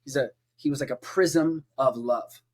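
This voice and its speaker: A man's voice: medium pitch, measured pace, a little mellow. A man who is a preacher, talking as a podcast guest in a passionate conversational way, with emphatic repetition and rhetorical lists.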